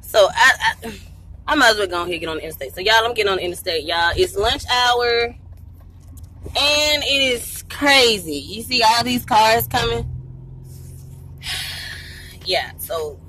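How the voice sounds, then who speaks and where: A woman, chatting excitedly to her viewers while driving, a little out of breath and laughing often. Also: on the high side, normal speed, long pauses, a little hiss or hum. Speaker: vlogger and mom. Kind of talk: casual vlog talk to viewers. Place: inside a car while driving. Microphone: handheld phone camera.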